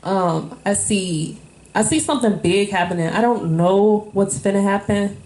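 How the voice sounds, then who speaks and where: A woman speaking candidly about her life in a loose, rambling way. Her voice sits at a middle pitch. The room around her rings with a noticeable echo. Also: a little slow, a little mellow. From Illinois. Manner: candid, emotional, rambling with fillers. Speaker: interviewee, wife. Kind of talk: casual personal storytelling. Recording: echoey room.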